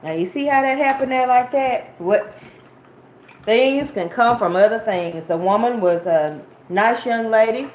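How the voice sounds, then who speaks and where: This woman's voice is fairly high with a darkish tone, and she keeps a measured pace through her informal sermon. Chatting through a Bible story, she calls her listeners "y'all" and acts out the quotations. Muffled, roomy audio carries a faint hiss.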